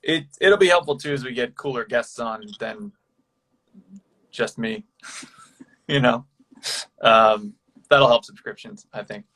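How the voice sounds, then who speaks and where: A laid-back man in his thirties co-hosts a live online chat and reads out viewer questions. He talks casually, with slang and a joking tone. His pitch is ordinary and mid-range. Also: unhurried, pauses often, a bit bright.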